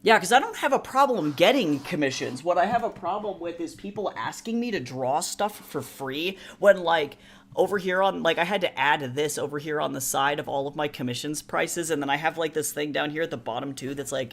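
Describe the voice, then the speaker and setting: A streamer and artist chatting casually on a live stream while drawing, rambling with many fillers and asides, reading chat aloud and jumping to higher, louder bursts when joking. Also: lively intonation, normal speed.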